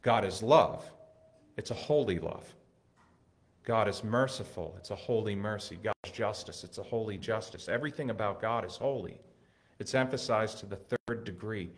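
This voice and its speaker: A man preaching a sermon in an earnest way, building to excited emphasis and then dropping soft. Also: on the low side, moderate pace.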